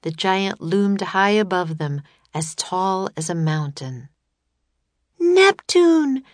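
A woman reading a children's adventure story aloud in a steady, scripted narration. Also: fairly low pitch, takes it slowly, no room sound. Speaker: audiobook narrator.

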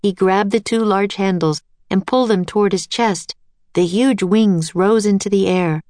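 A woman narrating a children's chapter book aloud in a steady, clear storytelling voice. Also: mid-range voice, moderate pace, no room sound.

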